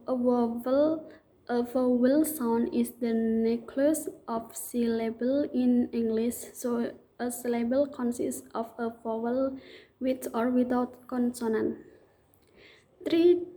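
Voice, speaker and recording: A young woman student reading her prepared exam answers aloud, halting and restarting words in places. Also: on the high side, warm tone, rough recording. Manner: halting, restarts words, non-native English phrasing. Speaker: student answering test questions.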